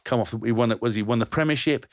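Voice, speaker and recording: Fast-talking man with a dry, close sound. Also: medium pitch, no echo. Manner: rambling anecdotes, swears freely, frequent restarts. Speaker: podcast co-host, former rugby player. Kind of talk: casual storytelling chat.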